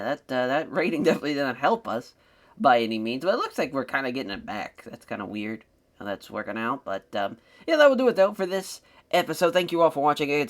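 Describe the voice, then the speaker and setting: A man hosting a wrestling-sim let's-play channel, giving casual, rambling commentary on his game. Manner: rambling and conversational, with lively swings in pitch.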